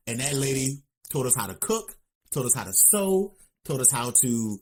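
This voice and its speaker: A man co-hosting a podcast, telling stories in casual chat with quick interjections. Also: mid-range voice, slightly rough. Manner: expressive, quick agreeing interjections, storytelling. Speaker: podcast co-host.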